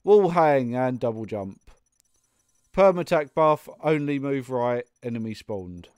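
A man's voice: mid-range voice, lively intonation, unhurried, a little mellow, clear, resonant tone, no echo. A young man commentating his own gameplay, muttering and getting exasperated, with sudden outbursts and laughs. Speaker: gaming YouTuber. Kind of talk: let's play commentary.

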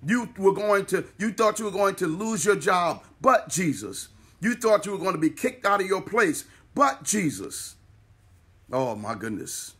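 A man's voice: high voice, big pitch swings, a little slow, fairly bright tone, husky. A male pastor preaching a sermon, building repeated refrains and calling on listeners to speak along.

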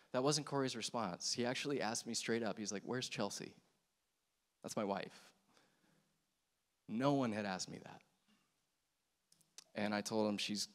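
A man in his thirties giving an earnest, reflective personal testimony on a church stage, speaking with soft pauses. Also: on the low side. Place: large hall with stage. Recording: long hall reverb.

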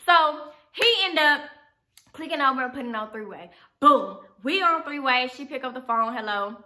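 Profane, animated storytelling woman. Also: sits high, normal speed. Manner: animated, profane, addresses viewers directly. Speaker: vlogger. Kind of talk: storytime vlog.

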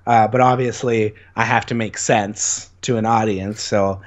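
A young adult man speaks at a measured pace in a fairly low voice, his intonation fairly even. Interviewed as a guest in casual conversation, he eagerly tells meandering stories peppered with "like."

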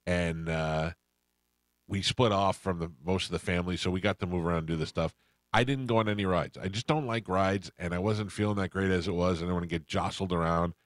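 A middle-aged man hosts a radio show, rambling through a story and playing every person in it. His voice sits very low. The studio sound is dry and close. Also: a little fast, no room sound. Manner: rambling anecdotes, acts out quoted voices. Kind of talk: casual storytelling chat.

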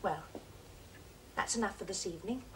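An actress playing a cool, self-possessed young college-educated daughter who speaks crisply and precisely, in a period film drama. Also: female voice, medium pitch, animated, moderate pace, a bit bright, slight background noise, lightly acted. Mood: cold. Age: young adult.

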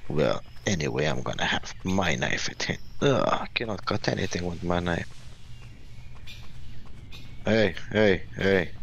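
A man's voice: low voice, lively intonation, unhurried, gravelly, pauses often, fairly bright tone, slight background noise. A man giving casual, jokey gameplay commentary and talking back to the characters on screen. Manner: jokey, talks to game characters. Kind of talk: casual let's-play commentary.

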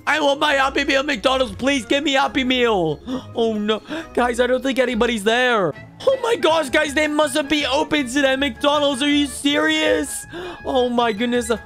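Man playing a greedy little toddler, very high squeaky voice, game music faint underneath. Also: normal speed. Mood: excited. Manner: high babyish voice, excitable gaming chatter. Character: mischievous toddler boy, excitable and greedy. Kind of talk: gameplay commentary in character.

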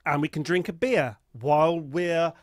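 A man's voice: a little high, measured pace, no echo. Wry man, dry close sound. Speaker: podcast co-host. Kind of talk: casual chat.

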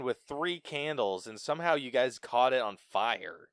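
A man's voice: mid-range voice, measured pace, no echo, clean studio sound. A man co-hosting a podcast, chatting casually about a film and acting out lines from it with laughter. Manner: animated, laughing, acts out quoted lines. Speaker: podcast co-host. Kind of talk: casual movie review chat.

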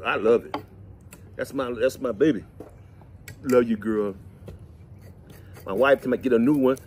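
A middle-aged man, chatting and telling folksy, animated stories to the camera outdoors while cleaning fish. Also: medium pitch, slightly rough. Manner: folksy, animated, preachy asides. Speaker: vlog host. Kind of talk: casual storytelling chat.

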